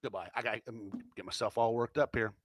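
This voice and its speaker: A man's voice: mid-range voice, steady tone, quick pace, dry recording. A man ranting his opinions on a vlog, swearing often, heated and repeating himself. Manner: profane, heated, repetitive. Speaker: commentator.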